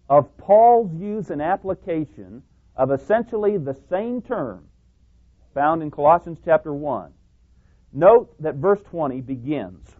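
A man preaching a sermon, stressing single words hard and walking through verses. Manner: emphatic, stressing single words with big pitch jumps. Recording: tinny phone-like sound.

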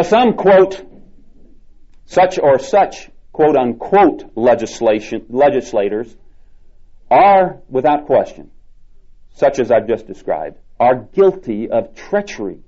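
A man preaching a sermon, emphatic and repeating key words with slow, drawn-out stresses. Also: mid-range voice, dark tone, dull audio.

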